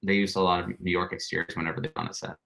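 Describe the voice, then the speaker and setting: Chatty lower-voiced young man, laughing often. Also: little pitch movement, very fast, creaky, fairly bright tone. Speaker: guest, stage actor. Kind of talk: casual interview chat.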